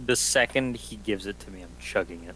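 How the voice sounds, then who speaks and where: A man's voice: on the low side, brisk, a bit bright, slight background noise, rough recording. A man playing in a tabletop game, casual and matter-of-fact. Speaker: player.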